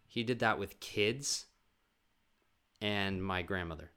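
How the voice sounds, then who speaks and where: A man hosting a podcast, telling family stories in a loose, rambling monologue. He swears freely and often restarts his sentences. His voice sits somewhat low but has a bright, forward edge. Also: slow pace, long pauses, smooth. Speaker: podcast host. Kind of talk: casual storytelling monologue.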